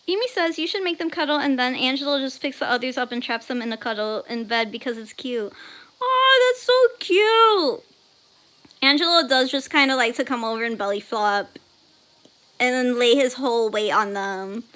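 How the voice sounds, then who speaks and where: A woman's voice: fairly high pitch, fairly quick, fairly bright tone. A young woman hosting an art livestream, casually chatting and reading chat messages aloud, laughing often and squealing when surprised.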